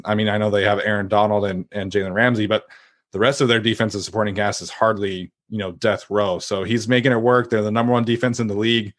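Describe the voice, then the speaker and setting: A man hosts a casual sports discussion. He sounds chatty and laughs lightly between his points. His voice sits somewhat low. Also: little pitch movement, quick pace.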